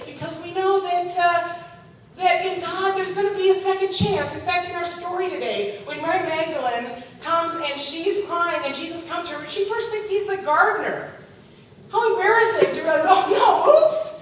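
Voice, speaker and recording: A woman pastor preaching a sermon, telling a lively story and acting out the people in it. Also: extremely high pitch. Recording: echoey, far from the mic, faint hiss.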